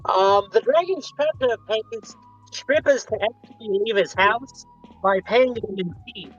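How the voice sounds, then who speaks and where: A man from the United States, guesting on a podcast over an online voice call, chats casually and rambles with many ums and restarts. His voice is high-pitched, husky, and a little slow, with soft music behind it in dull, lo-fi call audio.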